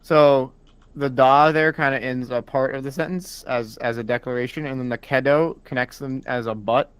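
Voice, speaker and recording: A man's voice: medium pitch, steady tone, moderate pace, clear, resonant tone, no echo. A man on a live stream patiently explaining Japanese words and grammar in casual chat.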